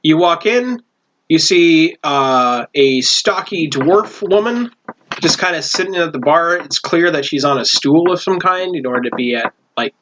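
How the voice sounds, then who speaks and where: A man's voice: fairly high pitch, lively intonation, a little slow, a bit bright. A man narrating as game master of a tabletop game, rambling and correcting himself as he goes. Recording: dull lo-fi recording with faint hiss.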